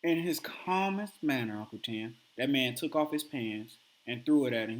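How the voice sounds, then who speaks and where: A man hosting a podcast, telling a story in casual chat and acting out the quotes with animated energy. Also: mid-range voice, moderate pace, few pauses. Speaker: podcast host.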